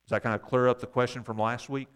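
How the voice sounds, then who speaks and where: A man's voice: mid-range voice, flat delivery, fast talker, fairly bright tone, smooth. Man teaching a Bible study class. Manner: explanatory, wry asides, questions to the class.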